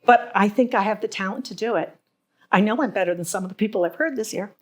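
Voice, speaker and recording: A woman's voice: medium pitch, fast. A middle-aged woman hosting a live podcast, telling stories to an audience in a chatty way and laughing at herself. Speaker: podcast host. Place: wine venue with live audience.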